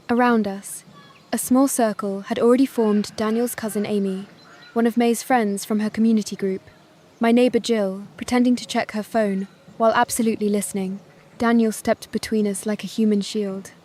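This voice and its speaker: A woman narrating a first-person family drama story in a calm, measured voice. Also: a little high.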